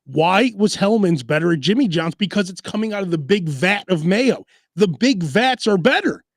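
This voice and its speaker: A man's voice: sits high, animated, normal speed, dry recording, studio quality. A man hosting a casual food podcast, telling rambling stories and mimicking voices. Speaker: podcast host. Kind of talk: casual chat.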